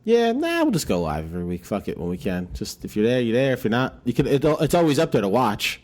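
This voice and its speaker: A man's voice: lowish voice, fast talker, a little mellow. A man co-hosting a podcast, a stand-up comic chatting casually, joking and swearing freely. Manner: loose, jokey, swears freely. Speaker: podcast co-host and comedian. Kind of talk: casual chat.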